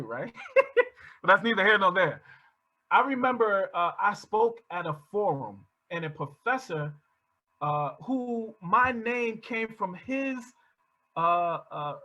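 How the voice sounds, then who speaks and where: A man presenting to teachers in an animated storytelling lecture, restarting often and chuckling as he goes, over a video call. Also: a little high, rough recording.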